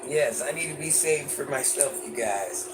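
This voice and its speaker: A woman with a naturally deep voice, hoarse and losing it, chatting casually with viewers on a live stream and greeting them by name. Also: expressive, normal speed. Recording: noisy background hiss.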